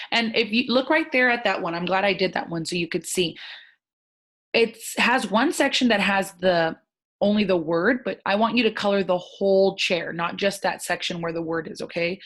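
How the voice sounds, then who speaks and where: A woman teaching a first grade phonics lesson, sounding out words slowly in a gentle, encouraging way. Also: lowish voice. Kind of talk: recorded online phonics lesson.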